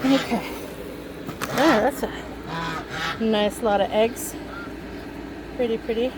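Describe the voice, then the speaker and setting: A woman's voice: fairly high pitch, takes it slowly, very noisy. A woman who keeps birds, chatting sweetly to her hens and ducks as she gathers eggs outdoors. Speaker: backyard bird keeper. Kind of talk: casual narration while gathering eggs. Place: outdoors in a poultry yard. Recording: loud farm birds behind.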